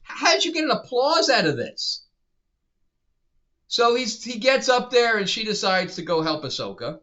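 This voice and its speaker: Incredulous man ranting, bright lo-fi voice. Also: high-pitched, sing-song, normal speed. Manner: incredulous, exasperated, laughs often. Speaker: TV show reviewer. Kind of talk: casual review rant. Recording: dull lo-fi sound.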